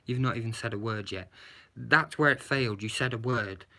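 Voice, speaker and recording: A man's voice: medium pitch, normal speed, bright, forceful tone. A man giving a blunt, sarcastic movie review, swearing and adding "yeah?" to his points. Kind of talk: casual movie review rant.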